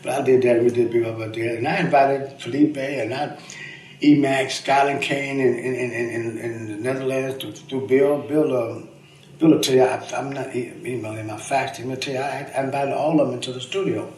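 An older man, a veteran poet, tells rambling, emphatic, profane stories in a candid interview, often ending sentences with "man." His medium-pitched voice is steady, moderately paced and a little mellow, picked up by a distant mic in an echoey room with faint ambience.

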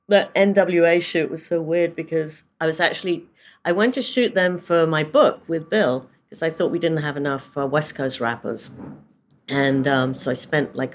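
A woman's voice: low-pitched, slight background noise. A British woman from England in her sixties, a photographer telling stories in a casual interview, chatty and full of fillers. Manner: chatty storyteller with many fillers and laughs. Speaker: photographer guest.

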